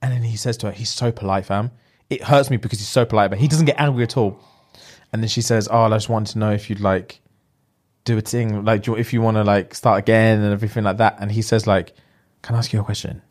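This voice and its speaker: A man's voice: fairly low pitch, fast. A young man, chatting casually as he retells a film plot in slang and acts out the characters' lines. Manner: animated storyteller with slang, acting out the lines.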